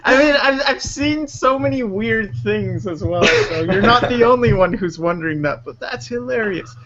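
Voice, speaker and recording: A man with a high-pitched voice hosts a relaxed live stream and reads viewer comments aloud in an easygoing way. The audio is dull and lo-fi. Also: moderate pace, over a noisy crowd. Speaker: streamer host reading chat questions. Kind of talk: casual live-stream chat about drawing. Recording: lo-fi voice-chat audio.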